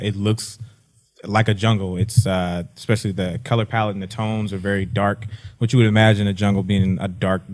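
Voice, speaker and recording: Laid-back la guy, lowish voice, movie talk, says uh a lot. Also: a little mellow. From Los Angeles. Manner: easygoing, frequent "uh" fillers. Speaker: podcast panelist. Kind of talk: casual movie chat.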